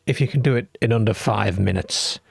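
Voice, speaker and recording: A man's voice: fairly low pitch, brisk, creaky, breathy edge, no echo, clean studio sound. A man from the UK hosting a late-night call-in radio show, chatty and reading listener comments aloud. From United Kingdom.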